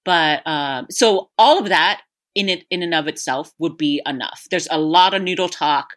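Chatty woman with a bright voice. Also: low-pitched, normal speed. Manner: rambling, animated, laughs often, many fillers. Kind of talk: casual chat, movie recommendation.

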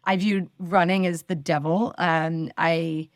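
A woman's voice: lowish voice, steady tone, takes it slowly, no echo, clean studio sound. A woman in her forties from the northeastern United States, a podcast guest telling chatty, self-deprecating stories with many fillers. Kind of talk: casual interview storytelling.

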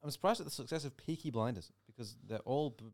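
A man's voice: mid-range voice, fast. A young man from England co-hosting a podcast, chatty and playful, acting out little scenes in casual talk. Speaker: podcast co-host. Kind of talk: casual chat.

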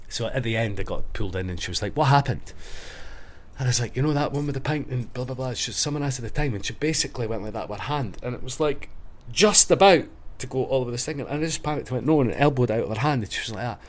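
Animated Scottish man telling stories. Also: medium pitch, quick pace. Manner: animated, sweary, full of filler words. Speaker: podcast guest, hairstylist. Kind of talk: casual storytelling.

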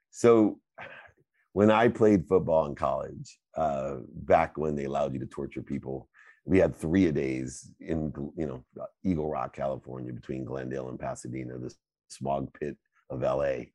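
A middle-aged man hosting a live Q&A, answering questions in a fervent, preachy way that swings between loud bursts and quiet asides. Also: very deep voice, measured pace, no room sound. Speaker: host and coach. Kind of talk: motivational Q&A answers.

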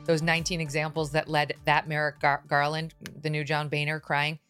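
A woman's voice: low-pitched, completely flat delivery, fairly quick, fairly bright tone, clean tone, soft background music. Sarcastic woman hosting a talk show. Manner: sarcastic, mocking impressions. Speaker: host. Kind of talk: political talk show commentary.

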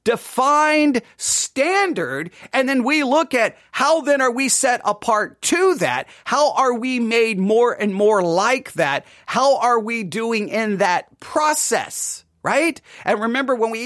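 A woman leads a relaxed podcast Bible lesson in a dry, close recording. She talks it through conversationally and keeps checking in with her listeners. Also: fairly high pitch, a little slow, few pauses, no room sound. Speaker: Bible study teacher and podcast host.

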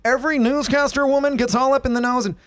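A man co-hosting a comedy podcast, talking in an animated, swearing rant and mimicking radio voices. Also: very high voice, fast talker, no echo. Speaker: podcast co-host. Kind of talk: casual comedy chat.

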